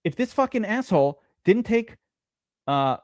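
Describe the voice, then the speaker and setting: A man hosting a live-stream fantasy draft, talking in an excitable, rambling way and swearing often. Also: sits high, unhurried, no echo, clean studio sound. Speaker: streamer host.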